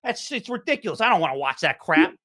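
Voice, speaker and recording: A man putting on a Philadelphia accent to play a grumpy male Philly sports fan who gripes loudly in a high, exaggerated voice. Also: very animated, fast, heavily acted. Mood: ranting. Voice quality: high, loud, exaggerated griping.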